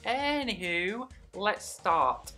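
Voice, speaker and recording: A young man vlogging in a chatty, sarcastic way, with sudden high-pitched outbursts. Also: animated, extremely slow, over loud music. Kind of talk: casual vlog commentary.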